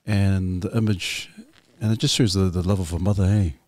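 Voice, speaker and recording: A man's voice: low voice, fairly even intonation, moderate pace, a little mellow, no echo. A man hosting a casual interview, rambling and repeating himself, effusive with praise. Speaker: podcast host.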